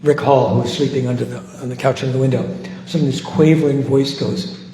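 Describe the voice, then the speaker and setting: A man's voice: mid-range voice, fairly even intonation, warm tone. Older man telling a story in an echoey hall. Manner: reflective, halting with restarts. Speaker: guest speaker, former civil rights volunteer. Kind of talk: storytelling at a post-screening discussion. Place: large hall. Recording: echoey hall, faint noise.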